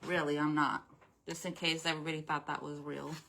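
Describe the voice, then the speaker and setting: A woman's voice: low-pitched, gravelly, heavy background noise. A woman hosting a live craft demonstration, chatting casually with viewers and greeting them by name, with a slightly stuffy nose. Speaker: craft livestream host.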